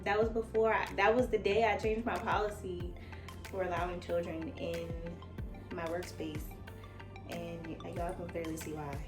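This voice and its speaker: A woman nail technician telling a casual storytime, animated and profane, talking straight to her viewers as "y'all.". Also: lowish voice, normal speed, over music. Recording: echoey room.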